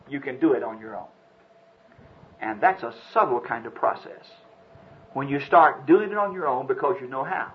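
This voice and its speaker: A man preaching an earnest, dramatic sermon, telling a story and reflecting on faith. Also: a little high. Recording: dull lo-fi recording.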